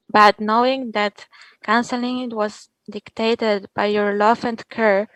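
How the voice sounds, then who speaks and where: A woman's voice: mid-range voice, flat delivery, takes it slowly, a bit bright, no room sound, low-quality recording. A woman with a Polish accent, a native Polish speaker, reading a devotional tribute in English, hesitant, with sighs and fillers. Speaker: disciple reading an offering.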